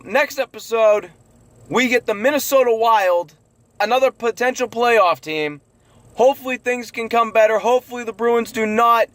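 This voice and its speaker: A man's voice: very high-pitched, no echo. A man hosting a sports recap show, ranting angrily and swearing in frustration. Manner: angry ranting, profane, yelling.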